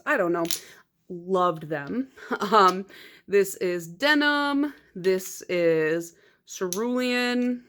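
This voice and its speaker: A woman in a casual vlog, chatting through her nail polish collection in a rambling, filler-heavy way. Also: mid-range voice. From United States.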